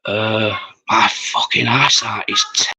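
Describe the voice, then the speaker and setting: A man's voice: lowish voice, takes it slowly, pushed and bright, slightly rough. A man, chatting casually and swearing freely while hosting a livestream. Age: 40s. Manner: rambling, sweary, chatty with viewers. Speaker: livestream host.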